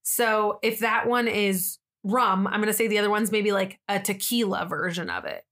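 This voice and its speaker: A woman's voice: mid-range voice, expressive, normal speed, fairly bright tone. A young woman co-hosting a casual true-crime podcast, telling the story in a chatty way and acting out what people said. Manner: chatty storyteller, acts out quotes, lots of "like". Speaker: podcast co-host.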